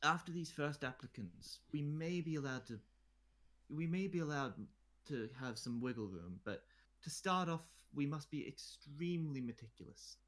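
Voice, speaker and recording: A man's voice: a little high, lively intonation, normal speed, fairly bright tone, voice pushed up. A man voicing a bored, haughty woman who rules a great library, speaking in an imperious, weary way. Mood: lofty.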